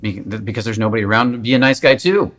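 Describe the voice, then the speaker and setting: A man's voice: mid-range voice, racing, a bit bright. A man giving a candid, emphatic coaching talk in a casual, conversational way, swearing at times. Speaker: confidence coach.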